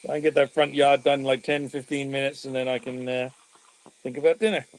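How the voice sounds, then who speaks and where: A man from Canada chatting easily on a live stream, relaxed and often trailing off quietly. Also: mid-range voice, a little fast, low-quality recording. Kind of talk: casual live-stream chat. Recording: dry close sound.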